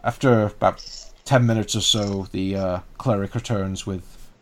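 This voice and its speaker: A man narrating a tabletop role-playing game as game master, in a casual, relaxed way with frequent fillers. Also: on the low side, unhurried, a little hiss or hum.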